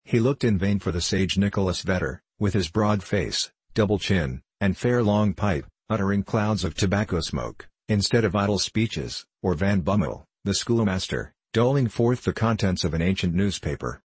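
Male narrator for a classic story, steady and measured, slightly husky. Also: low-pitched, no echo. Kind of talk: audiobook reading of a classic tale.

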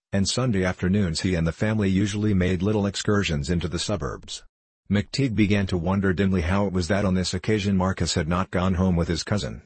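A man narrating a classic novel aloud in a steady, measured reading voice. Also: sits low, breathy edge, no echo. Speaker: audiobook reader.

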